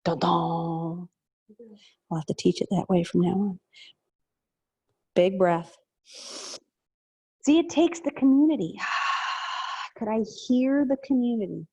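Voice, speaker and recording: Woman, yoga instructor, slow unhurried pace, chatty, joking, video call class. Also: mid-range voice, dark tone, husky. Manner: chatty, joking asides between cues.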